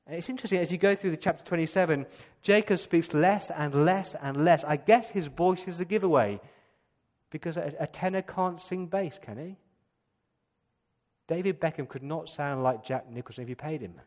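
A male pastor giving a lively storytelling sermon, acting out the scenes as he goes. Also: a little high, normal speed. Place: church. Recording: long church-hall reverb.

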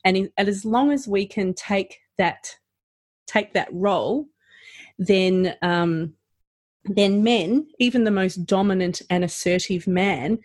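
A woman's voice: medium pitch, slow, darkish tone, no room sound, studio quality. A woman who trains practitioners, talking in a casual chat and acting out firm voices as she explains.

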